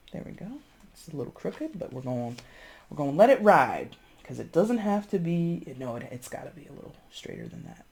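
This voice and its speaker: A tarot reader in a casual, chatty reading to camera, expressive and full of fillers and restarts, calling viewers friends. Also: mid-range voice, vocal fry, slight background noise. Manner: breezy, addresses viewers as friends.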